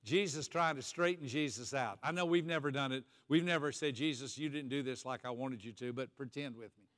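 A pastor preaching a sermon, retelling scripture with lively, acted-out voices for the people in the story. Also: male voice, medium pitch, fairly quick, big-room sound.

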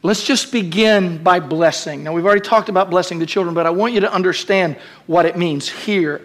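A man preaching a sermon as pastor, calling out to the congregation and building to shouted climaxes in a church. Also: sits high, brisk. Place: church sanctuary.

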